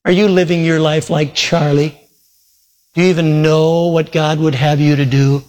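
A man's voice: a little high, flat delivery, moderate pace, darkish tone. A male preacher earnestly retelling a story in a sermon, quoting voices as he goes. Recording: long reverb from a large hall.

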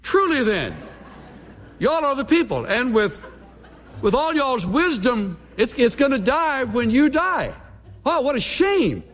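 A man voicing the suffering biblical Job as a sarcastic old man, in a mocking, exaggerated high voice. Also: big pitch swings, measured pace, fairly bright tone, exaggerated voice.

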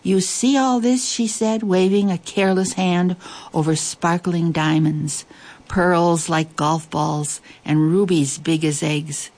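A woman reading a children's story aloud in a lively, expressive way, with playful asides. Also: low voice, slow.

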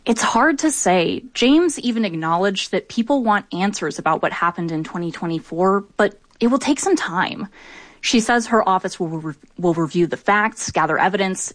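A woman filing a radio news report, speaking in a measured and clear way. Her voice sits at a middling pitch, and the studio sound is dry, with no room in it. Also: animated, no echo.

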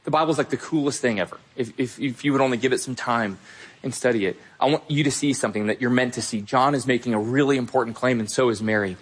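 A man's voice: mid-range voice, fast talker, slightly rough. A young adult man preaching a sermon as pastor, earnest and emphatic, speaking straight to his listeners.

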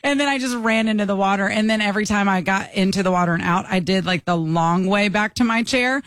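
A woman's voice: medium pitch, fast. A woman from Michigan co-hosting a chat show, telling a funny travel story with lots of laughter and acted-out quotes. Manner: animated, laughing, acts out quoted voices.

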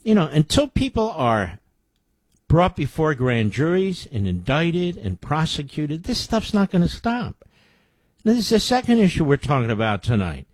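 Male talk host, high-pitched, sarcastic, indignant commentary, dry studio sound. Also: very animated, moderate pace, no room sound. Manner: indignant, sarcastic asides between quoted reports. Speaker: radio show host. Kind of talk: political commentary, reading news aloud.

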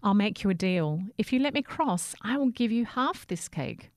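A woman's voice: mid-range voice, very animated, moderate pace, darkish tone, no room sound, clean studio sound, voice pushed up. A woman voicing an earnest young boy carrying a cake in a storybook reading.

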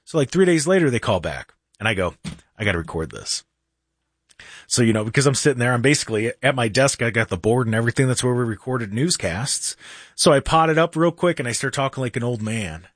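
A middle-aged man hosting a radio talk show, telling stories in a lively casual way and acting out what people said. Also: medium pitch, a little fast, no room sound, clean studio sound. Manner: animated storyteller, acts out quotes.

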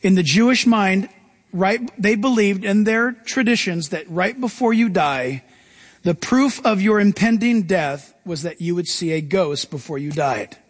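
A man preaching a sermon as a pastor, animated and playful, acting out the voices of Bible figures as he tells the story. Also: sits high, unhurried.

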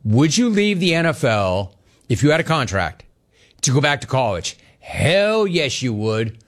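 A man in his fifties holds forth as a sports talk radio host, spinning a wry, conversational story. His voice sits in a middling register but rises and falls with lively swings as he talks. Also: mid-range voice, unhurried.

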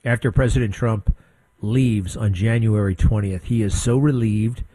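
A middle-aged man hosting a radio talk show, blunt and sarcastic, mocking people with quick impressions. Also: on the low side, dark tone, no room sound. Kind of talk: opinionated talk radio monologue.

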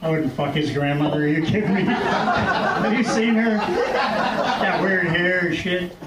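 A man's voice: high voice, lively intonation, unhurried. Older male stand-up, crude self-mocking delivery, roomy club sound with a noisy room. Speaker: stand-up comedian. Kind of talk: stand-up comedy set. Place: comedy club stage. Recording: distant, echoey club recording with loud crowd.

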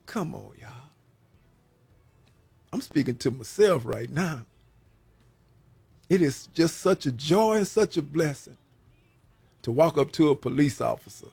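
A man's voice: on the high side, lively intonation, measured pace, vocal fry, pauses often, darkish tone, husky, no room sound. A man who served prison time, preaching a sermon in a folksy way and repeating his phrases for emphasis.

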